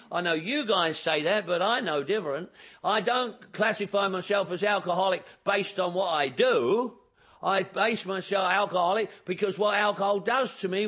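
A man's voice: high-pitched, breathy edge. A man speaking at a recovery meeting, telling his own story with humor and acting out the dialogue. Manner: lively storyteller who acts out dialogue and jokes about himself. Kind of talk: humorous personal testimony to an audience.

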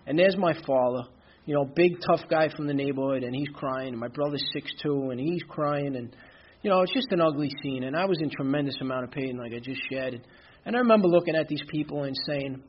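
A man's voice: fairly high pitch, fairly quick, husky, muffled recording. Candid man. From Brooklyn, New York. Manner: candid, conversational, many "you know" fillers. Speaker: recovery speaker. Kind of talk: personal testimony talk.

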